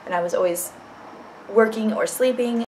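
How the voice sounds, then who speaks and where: A woman's voice: a little high, moderate pace, a little mellow, a little hiss or hum, rough recording. A young woman telling a personal story in a casual vlog, blunt and candid, swearing freely. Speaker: vlogger.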